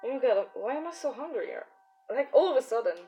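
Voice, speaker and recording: A woman's voice: high-pitched, animated, quick pace, mellow, highs cut off, faint music behind. A young woman chatting casually and giggling often while streaming her art. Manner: giggly, chatty, many fillers. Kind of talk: casual live-stream chat.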